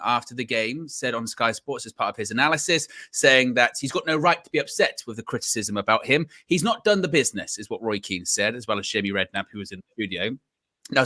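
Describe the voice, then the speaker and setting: A man co-hosting a casual football podcast, laying out the news in a measured, hedging way. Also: mid-range voice, bright, forceful tone. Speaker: co-host.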